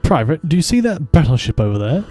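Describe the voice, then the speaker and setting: A stiff, pompous old British naval officer, clipped and formal, pitched up well above a normal talking voice, as a game streamer puts him on for a joke. He delivers his lines at a brisk clip. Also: sing-song, dark tone, soft background music. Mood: indignant.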